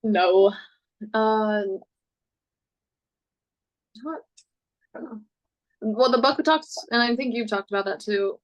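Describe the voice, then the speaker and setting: A woman's voice: a little high, slow pace, pauses often, dull audio. A woman, a mother of three, chatting casually on a video call and thinking aloud as she asks for advice. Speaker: parent on a coaching call. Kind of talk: casual chat.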